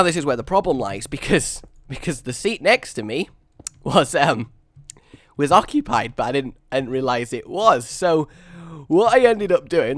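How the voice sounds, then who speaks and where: A man with a slightly high voice that leaps all over the place tells a rambling, self-mocking anecdote while building in a game. He is excitable and chatty, and the sound is close and dry with no room around it. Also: no room sound. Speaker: gaming video host.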